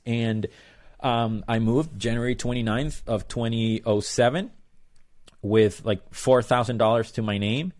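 A man's voice: medium pitch, a little slow, darkish tone. A male percussionist, a guest in an interview, telling his story in a casual, rambling way with plenty of fillers. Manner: rambling, loose, lots of fillers and "blah blah".

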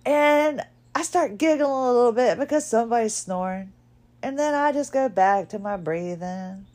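A podcast host wearing a neck collar while recovering from illness shares a personal story, chatty and self-deprecating, laughing at herself as she goes. Her voice is fairly high and darkish in tone, at a normal speed.

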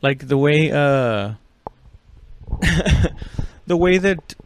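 A man's voice: a little high, animated, very slow, slight background noise. A man hosting a solo podcast, rambling and cursing, full of fillers and restarts. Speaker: podcast host. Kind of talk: casual solo podcast chat.

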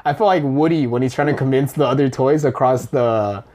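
A man hosting a podcast in casual chat, joking, laughing and swearing freely, with a deep radio-style voice. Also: brisk, darkish tone. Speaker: podcast host.

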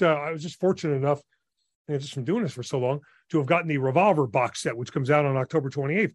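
A radio DJ in his sixties from New Jersey guests on a podcast, telling stories with enthusiasm and animation in a casual interview. His voice is medium-pitched, and there is no room sound.

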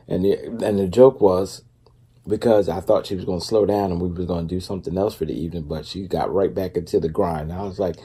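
A man's voice: low voice, fairly even intonation, fast talker, warm tone, slightly rough. A man talking loosely and conversationally in a casual faith-based vlog, full of fillers and asides. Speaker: vlogger.

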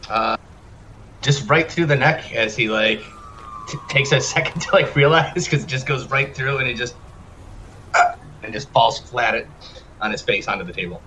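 A man's voice: mid-range voice, moderate pace, long pauses, bright, forceful tone, slight background noise, poor audio. A man playing in a tabletop game, talking casually and hesitantly as he thinks aloud and describes his moves. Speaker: player.

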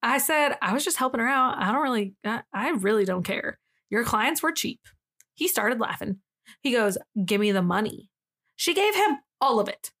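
Lively, swearing woman podcast host. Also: normal speed. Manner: reads a story aloud and quotes its people with sudden high jumps; swears freely and laughs between lines. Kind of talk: casual storytelling chat.

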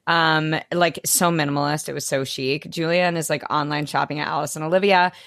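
A woman's voice: sits low, fairly even intonation, a little fast, a bit bright, dry recording, clean studio sound. A young woman co-hosting a podcast, gushing in casual chat and filling her talk with likes and ums. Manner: gushing, filler-heavy with lots of likes and ums. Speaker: podcast co-host.

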